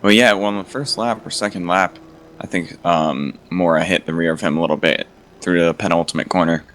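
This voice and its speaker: Bright-voiced man calling a sim race. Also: low voice. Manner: quick, rising excitement on passes. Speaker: sim racing commentator. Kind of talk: play-by-play race commentary.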